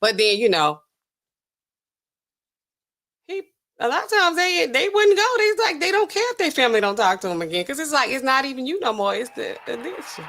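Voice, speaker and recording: This pharmacist host speaks high and sing-song, a little fast and a bit bright, pausing often. In her casual pharmacy commentary she skims and reads drug documents aloud, constantly checking in with "okay?"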